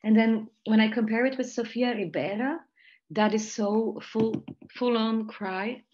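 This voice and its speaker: A Belgian jazz voice teacher speaks English in an online interview over a video call, analyzing singing technique thoughtfully and carefully with light laughs between points. Her voice is a little high, unhurried, and darkish, with lo-fi sound.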